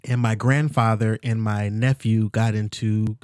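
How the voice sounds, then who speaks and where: A man, a podcast guest, telling an emotional personal story in an earnest, halting way, repeating himself and close to tears. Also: lowish voice, steady tone, a little mellow, smooth, no echo.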